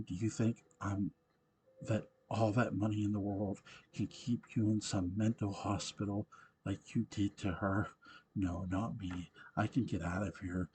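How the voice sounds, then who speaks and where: A man's voice: fairly low pitch, warm tone, slight background noise, lightly acted, rough recording. A man reading the lines of a frantic, frightened older woman in a hospital, pleading and angry. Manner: pleading, desperate.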